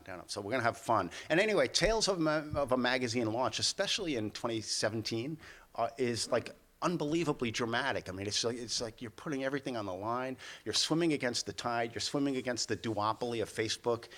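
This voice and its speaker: A man's voice: on the low side, a bit bright. A man with a New York accent moderating a conference panel, chatty and repeating himself as he talks. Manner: chatty, repeats words often.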